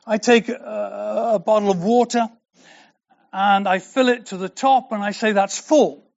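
High-voiced emphatic male preacher. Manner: emphatic, repeats key words with drawn-out pauses. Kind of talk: sermon. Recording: dull lo-fi recording.

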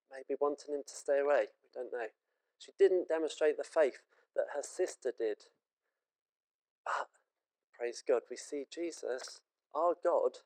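A man's voice: on the high side, a little mellow, rough recording. A British man preaching a sermon in an earnest, conversational and emotive way.

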